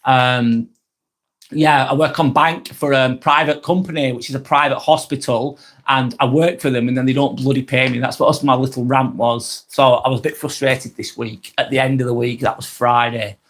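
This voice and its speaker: A man in his forties hosting a live stream, chatting casually and reading out viewer comments, friendly, rambling and quick to apologise. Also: medium pitch, steady tone, fairly bright tone. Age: 40s. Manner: chatty and friendly, ranting a little, apologising often.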